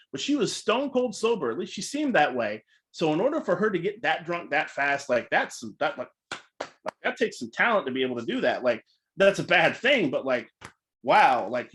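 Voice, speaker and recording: Animated storytelling man with a higher voice. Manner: animated, acts out voices, filler "like". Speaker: featured speaker. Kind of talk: casual storytelling talk.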